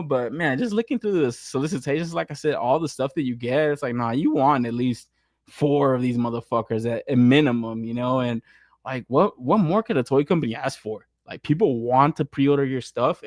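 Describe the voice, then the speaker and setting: Young male host, loose and swearing, laughs through his rants; mid pitch, dry sound. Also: darkish tone, dry recording. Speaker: podcast host. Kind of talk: casual chat.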